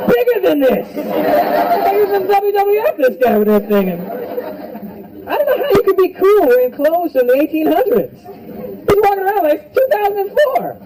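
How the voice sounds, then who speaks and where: Stand-up comic, male, high voice, profane crowd work, live club recording with a big crowd. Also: poor audio. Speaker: stand-up comedian. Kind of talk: stand-up comedy set. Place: comedy club. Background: audience laughing.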